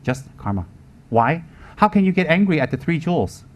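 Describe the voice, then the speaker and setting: A man gives a Dharma teaching with a slightly high, very animated voice at normal speed. He teaches emphatically, repeating his points and posing rhetorical questions.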